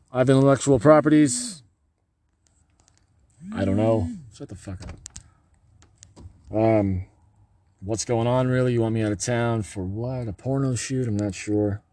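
A man giving a rambling, erratic, profane monologue, swinging between low muttering and loud outbursts.

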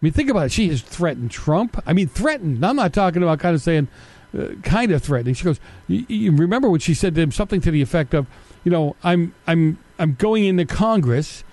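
A man's voice: fairly high pitch, sing-song, fast talker, darkish tone, dry recording. A middle-aged man hosting a political commentary show, delivering a combative, sarcastic opinion monologue full of rhetorical questions.

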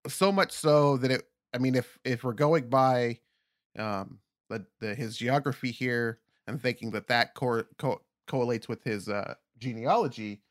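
A young adult man in a casual comedic chat, halting and filler-heavy, with casual swearing. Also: mid-range voice.

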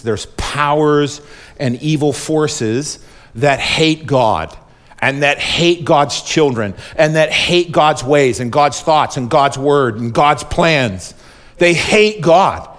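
A male pastor preaching a sermon in an emphatic, repetitive way, calling on the congregation to respond. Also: a little high.

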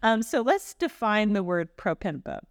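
A woman co-hosting a missionary podcast discusses Bible passages in casual, playful teaching chat, often breaking into laughter. Her medium-pitched voice is animated at a moderate pace, recorded on a podcast mic at studio quality without echo.

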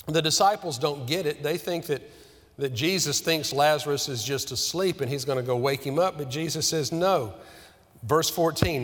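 A man preaching a sermon as pastor, earnest and questioning, slowing down on key words. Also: fairly high pitch, in a large hall.

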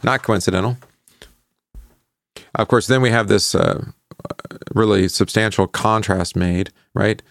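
Gravelly low-voiced man teaching Bible class. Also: fairly bright tone. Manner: conversational, asks questions and adds "right?"; halting, with many fillers while recalling verses. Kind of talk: Bible study lesson.

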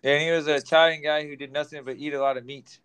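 A man's voice: fairly high pitch, level tone, fast talker, fairly bright tone, clean tone. A man co-hosting a podcast in a loose, chatty way, laughing often. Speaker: podcast co-host. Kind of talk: casual chat.

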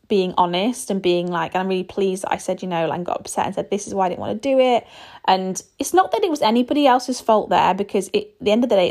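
A woman hosting her own podcast, talking through a personal story in a loose, candid monologue. Her delivery rambles, doubling back on itself with restarts and fillers as she thinks aloud. Her pitch sits in an ordinary middle range for a woman. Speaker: podcast host.

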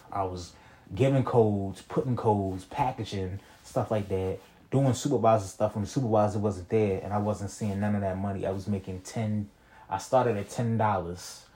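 A man's voice: on the low side, normal speed, warm tone. A young man telling a personal story in a casual, rambling monologue, full of slang and "you feel me.". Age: young adult.

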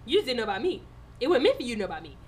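A woman's voice: on the high side, very animated, racing, husky. A woman co-hosting a podcast, telling a story in a casual chat, with lots of laughter and swearing. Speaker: podcast co-host.

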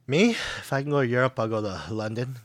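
A man's voice: mid-range voice, quick pace, no echo, studio quality. A man co-hosting a casual chat, joking around in slangy talk and laughing often.

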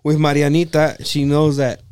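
A man telling animated stories on a podcast, mixing in Spanish and swearing. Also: a little high, normal speed, smooth. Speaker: podcast co-host. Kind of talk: casual storytelling.

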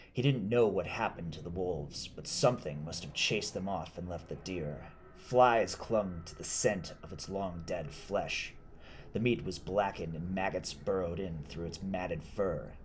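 A man narrating a scripted horror story in a measured, deliberate way. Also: low voice, darkish tone, a little hiss or hum.

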